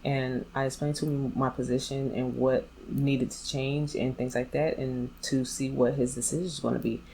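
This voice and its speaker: A woman's voice: extremely low pitch, level tone, moderate pace, creaky, dark tone, slight background noise, rough recording. A woman vlogger telling a personal story in a candid, blunt way, speaking straight to her viewers. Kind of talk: storytime vlog.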